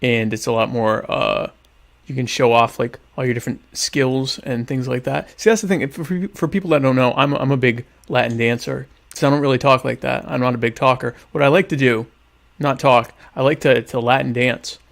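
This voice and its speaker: A young adult man hosting a podcast, answering listener questions in a deadpan, ironic, rambling way while eating dinner. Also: medium pitch, a little fast, creaky. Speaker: podcast host. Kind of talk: casual solo chat answering listener questions.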